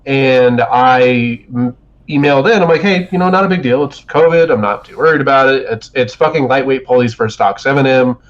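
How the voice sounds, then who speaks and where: At medium pitch and a little fast, a man on a podcast tells a long, profanity-laced story in a wandering way with frequent restarts. The talk is casual, and the stream audio sounds dull and lo-fi.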